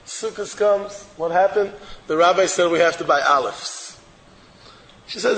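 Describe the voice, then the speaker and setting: A man, a rabbi, giving an animated storytelling sermon and repeating phrases for emphasis. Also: high-pitched, unhurried. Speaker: rabbi giving a Torah talk. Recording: echoey hall with long reverb.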